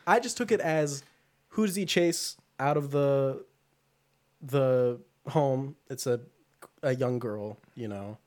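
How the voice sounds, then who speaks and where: A man co-hosting a podcast, retelling a film in a loose, rambling way full of fillers and quick put-on voices. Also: mid-range voice. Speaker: podcast co-host. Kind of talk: casual movie chat.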